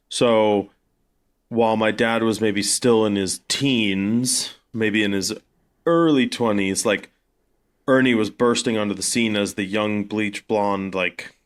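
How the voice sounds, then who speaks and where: A man from South Africa, a podcast co-host telling stories in casual chat, full of fillers. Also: fairly low pitch. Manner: rambling storyteller, many fillers.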